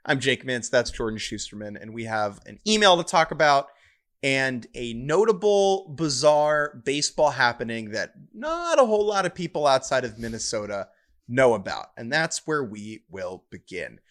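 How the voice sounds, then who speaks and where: A man's voice: medium pitch, sing-song, moderate pace, a bit bright. A young man hosting a podcast, chatting casually and making dry, wry remarks. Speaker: podcast host. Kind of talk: casual chat.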